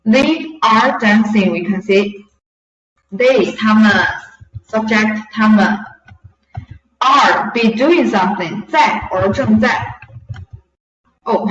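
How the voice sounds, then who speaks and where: Patiently and slowly, a Chinese teacher with a medium pitch explains a language point, shifting between English and her native Mandarin. Recorded lo-fi in a room, the sound is distant, dull, and echoey.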